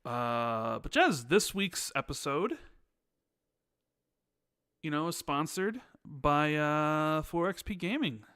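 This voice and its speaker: An American man hosts a gaming podcast in a casual, upbeat way, animated as he tells his stories. His voice is a bit higher than most and comes through bright and crisp. The recording is dry and close. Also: slow, pauses often, no room sound. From United States. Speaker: podcast host.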